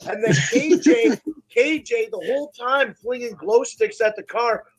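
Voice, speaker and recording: A man's voice: very high voice, a little slow. A young man adding short remarks to a group story among friends. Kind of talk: casual chat.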